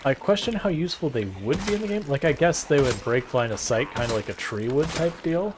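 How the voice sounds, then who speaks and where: A man's voice: medium pitch, expressive, a little fast, background noise. A man streaming a game and chatting casually, rambling and sarcastic, often restarting his sentences. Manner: rambling, self-deprecating and sarcastic. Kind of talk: casual gameplay chat.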